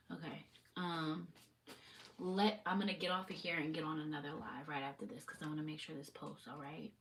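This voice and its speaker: Woman, deep voice, casual rambling live-stream talk, distant mic, faint background hiss. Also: flat delivery, brisk, fairly bright tone. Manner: rambling, loose and swearing. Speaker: spiritual reader on a livestream.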